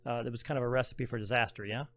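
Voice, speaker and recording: A man's voice: mid-range voice, fairly even intonation, rapid-fire, a bit bright. A man hosting a podcast, putting long conversational questions to his guest. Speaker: podcast host. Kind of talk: interview questions.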